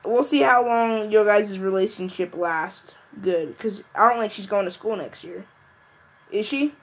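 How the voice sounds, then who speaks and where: A man's voice: sits high, a little slow, a bit bright. A young man in casual banter with a friend, teasing and crude, mocking others with put-on voices. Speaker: friend in a recorded chat.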